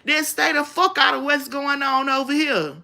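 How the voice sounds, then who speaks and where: Profane ranting woman, high bright voice. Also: fairly even intonation, moderate pace, gravelly. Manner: profane, confrontational, blunt. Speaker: livestream host. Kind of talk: ranting live-stream commentary.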